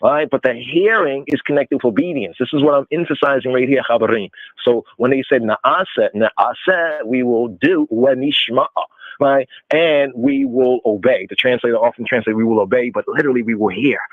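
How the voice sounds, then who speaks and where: A man's voice: mid-range voice, brisk, no echo. A man hosting a call-in radio Bible study, explaining scripture and often checking in with "right?" while mixing in Hebrew terms. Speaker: radio show host teaching Torah. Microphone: call-in phone line. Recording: phone-like narrow band, dry.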